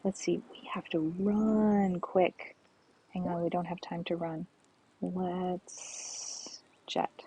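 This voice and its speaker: A woman streaming a relaxed game, talking slowly and softly, often half-whispering as she goes. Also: lowish voice, a little hiss or hum. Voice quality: gravelly, husky. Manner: slow, soft-spoken, often half-whispered. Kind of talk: relaxed gameplay commentary.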